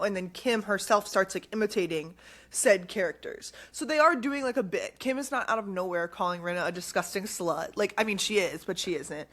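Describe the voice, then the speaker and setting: A woman co-hosting a casual chat podcast, animated, laughing often and acting out quoted lines. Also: medium pitch, a little fast. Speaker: podcast co-host.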